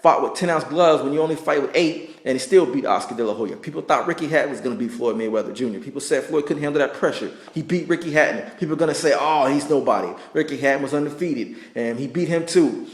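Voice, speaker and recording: A man's voice: fairly high pitch, quick pace, few pauses, roomy sound. A man giving a heated, profane sports rant, emphatic and argumentative, hammering the same points again and again. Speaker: vlogger ranting about sports.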